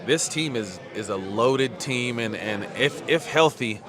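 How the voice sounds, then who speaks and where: A man answering in an outdoor interview clip, halting with many fillers. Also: mid-range voice, expressive. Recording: crowd noise behind.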